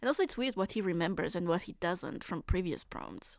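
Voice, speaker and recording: A woman's voice: fairly low pitch, animated, brisk, vocal fry, no room sound. A woman streamer chatting casually on a live stream, giggling and asking incredulous questions.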